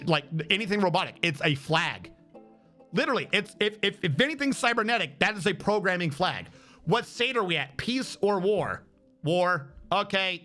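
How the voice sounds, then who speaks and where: A male streamer giving rambling, excitable gameplay commentary with lots of fillers. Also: high voice.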